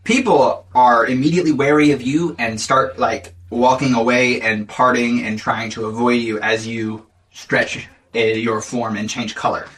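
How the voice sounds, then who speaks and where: A man's voice: medium pitch, steady tone, moderate pace, fairly bright tone. A man narrating a tabletop game as game master, casual and rambling.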